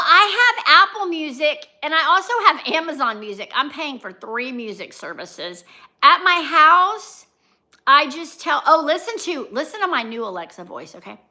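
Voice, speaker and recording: A woman's voice: high-pitched, very animated, normal speed, sharp tone. A woman hosting a casual livestream, chatting and reading her viewers' comments aloud, greeting them by name. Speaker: vlogger and livestream host.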